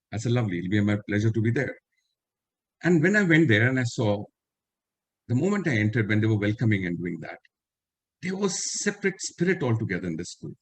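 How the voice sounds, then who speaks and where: A man's voice: medium pitch, breathy edge. An older man with an Indian English accent, a retired army officer giving an earnest storytelling talk over a video call and repeating the lines he wants to stress. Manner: earnest, quotes others in direct speech, repeats key lines. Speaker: retired army general, webinar speaker.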